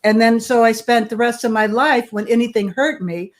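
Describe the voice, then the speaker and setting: A woman's voice: a little high, moderate pace. A middle-aged woman, a guest on an interview show, telling her life story in a candid, plain-spoken way. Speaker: guest, bully prevention expert. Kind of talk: personal storytelling in conversation.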